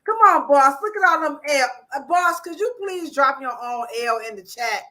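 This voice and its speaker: A woman hosting a casual livestream chat, animated and playful, laughing often. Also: sits high, normal speed. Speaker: host.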